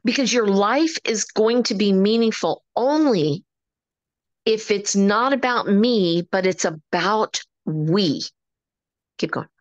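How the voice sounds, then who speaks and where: A woman's voice: medium pitch, slow pace, dry recording, lo-fi sound. Woman, motivational speaker, upbeat and emphatic, dry close sound. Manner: energetic, animated, preacher-like emphasis. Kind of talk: motivational talk on a call.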